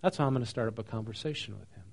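A man preaching in a relaxed, conversational way. He reads a passage, then talks it through, often asking his listeners questions. His voice sits at a middle pitch. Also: racing, creaky, slightly rough. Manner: conversational, asks the congregation questions; reads scripture then explains it casually. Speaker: pastor. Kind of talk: sermon.

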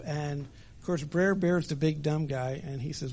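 Middle-aged preacher man, informal storyteller, slightly high voice. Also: unhurried, a little mellow. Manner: conversational storytelling with frequent fillers. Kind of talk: sermon.

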